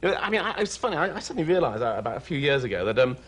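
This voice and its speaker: A middle-aged man from Wales with an English accent, a talk show guest joking deadpan about absurd things and laughing often. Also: on the high side, rapid-fire, husky. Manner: playful, deadpan absurd humour with frequent laughs.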